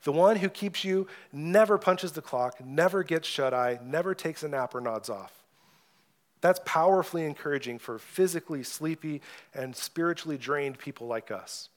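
A young adult man preaching an earnest sermon, rising loud when he reads scripture aloud. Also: a little high, moderate pace. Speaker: pastor.

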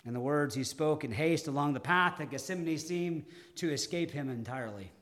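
Brief: male pastor with a slightly high voice, preaching with dramatic pauses and sharp swings from loud to quiet. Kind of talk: sermon.

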